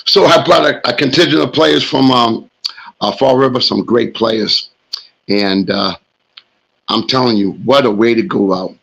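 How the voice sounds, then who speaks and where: A middle-aged man hosting a sports show, hoarse and telling rambling stories in a casual monologue. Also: mid-range voice, unhurried, a bit bright, poor audio. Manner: rambling storyteller, talks smack.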